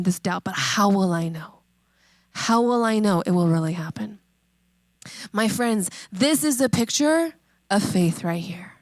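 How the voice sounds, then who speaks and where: Higher-voiced woman preaching conversationally. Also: no echo. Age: 30s. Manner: conversational, emphatic, with repeated questions and slowed key phrases. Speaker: pastor. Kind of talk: sermon.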